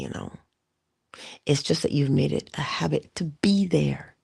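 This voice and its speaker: A woman giving an inspirational monologue to her listeners. She speaks deliberately, addresses them directly and drops into whispers for emphasis. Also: deep voice, vocal fry, warm tone, breathy edge, dry recording, studio quality. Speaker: motivational speaker.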